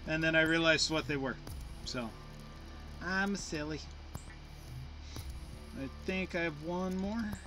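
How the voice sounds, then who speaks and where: A man's voice: fairly high pitch, slow, pauses often. Playful man narrating gameplay over music. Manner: playful, chatty, talks to himself while playing. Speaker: gameplay commentator. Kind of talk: casual gameplay commentary. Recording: game music playing behind.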